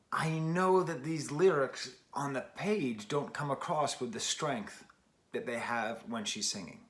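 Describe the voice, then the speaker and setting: A man's voice: medium pitch, fairly bright tone. Forties guy reviewing a record, rambly and self-deprecating, ordinary mid voice. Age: 40s. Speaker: album reviewer. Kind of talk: casual spoken album review.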